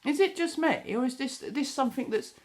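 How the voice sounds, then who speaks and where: Exasperated British woman venting with lively, animated delivery. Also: high-pitched, fairly quick. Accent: British English. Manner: exasperated, sarcastic storytelling with acted-out quotes. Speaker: vlogger. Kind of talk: casual chat, ranting. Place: home kitchen.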